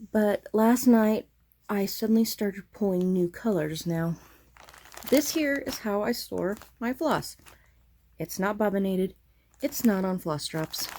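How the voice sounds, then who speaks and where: A woman chatting about her stitching in a casual vlog. Her voice is throaty and flat, and she talks in a rambling, self-deprecating way that keeps apologizing for itself. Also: mid-range voice, slight background noise. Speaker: cross-stitch vlogger. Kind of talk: casual show-and-tell chat.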